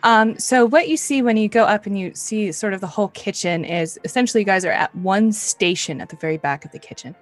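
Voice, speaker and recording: A woman's voice: mid-range voice, fairly quick, hardly any pauses. Young woman narrating as game master. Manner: loose, filler-heavy narration.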